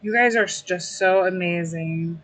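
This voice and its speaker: A woman's voice: on the low side, unhurried, a bit bright, rough recording. A young adult woman livestreaming, chatting casually with her viewers, emotional and grateful. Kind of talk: casual live-stream chat.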